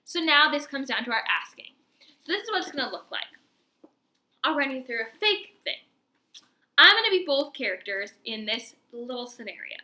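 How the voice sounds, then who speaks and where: A woman's voice: high voice, very animated, moderate pace, pushed and bright. A woman who makes videos on learning disabilities, explaining things in an upbeat, casual way and walking the viewer through steps. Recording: roomy echo.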